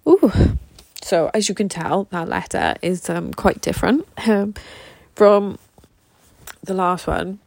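A woman's voice: fairly low pitch, takes it slowly, gravelly, darkish tone, no echo. A woman, earnestly reading aloud a motivational letter to herself in a vlog, swearing now and then. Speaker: vlogger.

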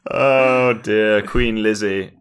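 Deep-voiced English man, dry wit. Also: steady tone, extremely slow, clean tone. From England. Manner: dry, ironic, mimics others in sudden high voices. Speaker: podcast co-host. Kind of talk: casual chat.

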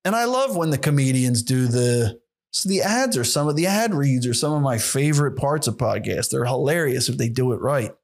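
A man's voice: mid-range voice, expressive, normal speed. A young man hosting a solo podcast, rambling and sarcastic with plenty of swearing. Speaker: podcast host.

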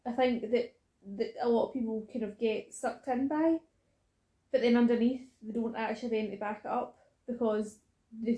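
Woman, casual chat, mellow dark voice, echoey room. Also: a little high. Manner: chatty, laughs often, acts out quotes.

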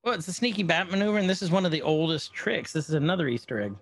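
A man's voice: a little high, expressive, very fast, fairly bright tone, a little hiss or hum. A man co-hosting a podcast, casually recapping an episode and joking around. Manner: joking, playful retelling with quoted voices. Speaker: podcast co-host.

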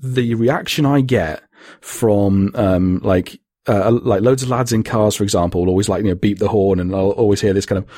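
A man with a husky voice, chatting casually on a podcast in a rambling, sweary way. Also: lowish voice, moderate pace, few pauses, warm tone, no echo, clean studio sound. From Britain. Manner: rambling, sweary, laughs often. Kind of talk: casual chat.

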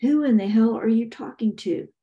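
A woman voicing a gruff, bullying male gang boss who barks in a contemptuous tone. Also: mid-range voice, steady tone, takes it slowly, dark tone, muffled recording, voice pushed up, close to an everyday voice. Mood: angry.

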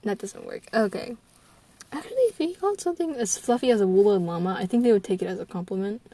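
A woman's voice: medium pitch, lively intonation, fast talker, dark tone, dry recording. A young American woman in her teens, rambling casually and scatterbrained, trailing off, restarting and giggling between thoughts. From United States. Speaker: vlogger.

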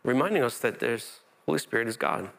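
A man's voice: medium pitch, expressive, fairly quick, vocal fry, a bit bright. A male pastor preaching a conversational sermon, often restarting phrases and lifting his voice when he quotes Scripture.

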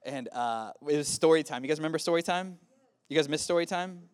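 A man's voice: on the high side, fairly quick, clear, resonant tone. A man in his early thirties preaching casually to a youth group, often asking the room questions. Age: 30s. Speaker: youth pastor. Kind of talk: youth sermon.

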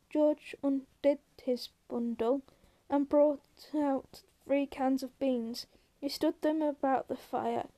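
A woman's voice: high-pitched, mellow. A woman reading a novel aloud in an unpolished way, with occasional stumbles and restarts. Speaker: reader.

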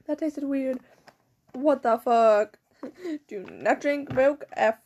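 A teenage girl talks straight to her audience in a high voice, rambling from one tangent to the next. She swears freely and giggles through her stories, speaking with a mouth still numb from dental work. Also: expressive, extremely slow, a little mellow, lo-fi sound, slight background noise. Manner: rambling, profane, giggly storytelling. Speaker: vlogger. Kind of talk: casual chat.

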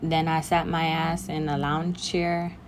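A woman's voice: low voice, little pitch movement, measured pace, background noise. A young woman ranting bluntly and emphatically to the camera in a casual vlog. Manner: blunt, emphatic, talks straight to the listener. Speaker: vlogger.

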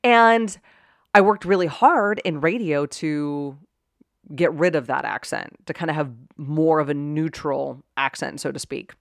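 This is a middle-aged woman with a faint Pittsburgh accent hosting her own podcast. Her voice sits low, and she talks in a chatty, animated stream with plenty of asides. The sound is dry and close, with no room around it. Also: a little slow, vocal fry, no room sound. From Pittsburgh, USA. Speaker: podcast host. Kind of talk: solo podcast monologue.

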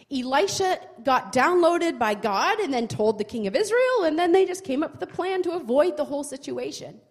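A woman retelling a Bible story in a chatty, expressive way, often asking the listener questions. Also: extremely high pitch. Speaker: Bible teacher. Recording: long hall reverb.

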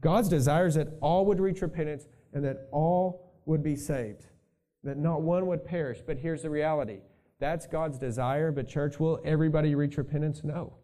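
A man's voice: fairly high pitch, normal speed, warm tone. A male pastor preaching a sermon in a conversational way, thinking aloud and adding asides to his congregation.

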